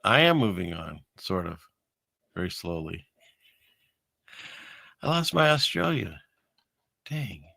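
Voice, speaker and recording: A man's voice: mid-range voice, very animated, unhurried, creaky, pushed and bright, no echo, clean studio sound. A man hosting a show, rambling wryly through video clips and talking to his chat. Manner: rambling, wry, talks to chat. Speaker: show host. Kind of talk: casual commentary on video clips.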